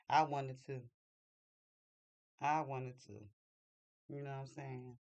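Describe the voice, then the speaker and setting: A man telling a personal story in a casual, animated and chatty way, acting out what people said. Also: mid-range voice, takes it slowly, long pauses, no room sound. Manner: animated, chatty, acts out quotes. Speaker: vlogger.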